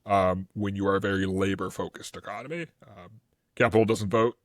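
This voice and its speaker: A man co-hosting a casual history podcast, talking in an animated, rambling way with lots of fillers. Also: deep voice, a little fast, dry recording, clean studio sound. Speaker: podcast co-host.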